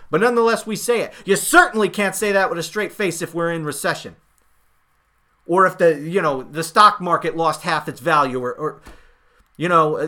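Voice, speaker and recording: Sarcastic, bright-voiced male podcast host. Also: sits high. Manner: sarcastic, mocking paraphrases of others; emphatic, rising and falling loudness. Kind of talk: political commentary monologue.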